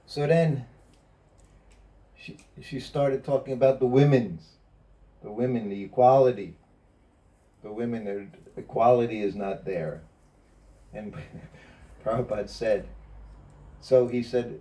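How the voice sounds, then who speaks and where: Pausing often and speaking at a measured pace in a mid-range voice, a former personal servant casually shares anecdotes with a small group. He laughs frequently and brings others' words to life in animated asides, captured by a distant phone or camera.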